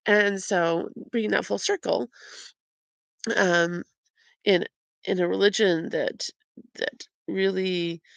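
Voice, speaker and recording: A woman's voice: on the low side, creaky, no room sound. A middle-aged woman sharing a heartfelt, openly emotional personal faith reflection as a vlogger.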